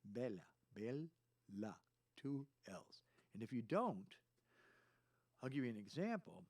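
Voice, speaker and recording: A man's voice: medium pitch, sing-song, a little slow, slightly rough. Rambling male storyteller host. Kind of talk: casual chat.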